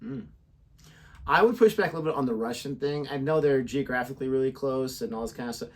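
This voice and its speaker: A man's voice: medium pitch, quick pace. A man co-hosting a reaction video, chatting casually in a rambling, self-mocking way. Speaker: co-host of a reaction channel.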